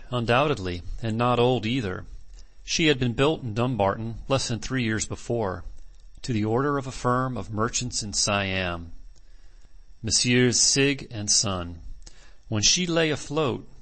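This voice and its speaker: Measured male audiobook narrator. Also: fairly low pitch, fairly bright tone. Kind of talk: scripted narration of a classic novel.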